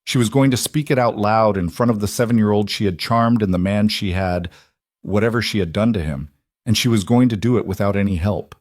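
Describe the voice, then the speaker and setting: A man narrating a scripted story in a measured, even storytelling manner. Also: on the low side, no room sound, studio quality.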